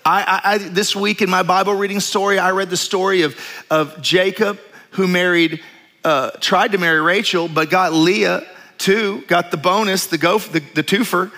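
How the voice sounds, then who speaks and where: A middle-aged male pastor, preaching a sermon in an animated, storytelling way with jokes and asides. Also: high-pitched, normal speed.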